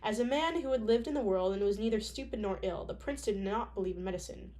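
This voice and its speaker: A woman reads a classic novel aloud in a relaxed, casual way, tripping over a word now and then. She sounds slightly sick. Her pitch sits in the middle for a woman. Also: fast. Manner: casual, joking asides, occasional stumbles. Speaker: audiobook reader. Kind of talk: casual audiobook reading with asides.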